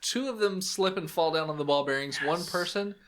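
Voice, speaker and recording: A man's voice: a little high, a little fast, fairly bright tone. A young man narrating as game master in a casual, laughing, profane way.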